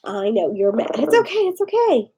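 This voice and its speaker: A woman's voice: on the high side, sing-song, moderate pace, background noise. A woman vlogger at home, cooing at her pets in baby talk and laughing often. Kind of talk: casual home vlog.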